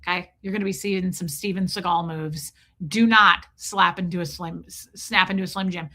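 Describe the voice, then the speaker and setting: A woman hosting a livestream, telling a comic story in a casual, profane, animated way and calling out viewers in the chat by name. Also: fairly low pitch, normal speed. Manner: animated, profane, ranting, reads chat names aloud. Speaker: livestream host.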